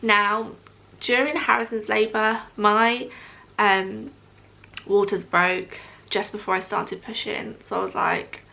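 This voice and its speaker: Bright, gravelly young woman vlogger. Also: mid-range voice, fairly even intonation, takes it slowly. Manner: chatty, frequent ums, relives moments by quoting others. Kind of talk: casual storytelling to camera.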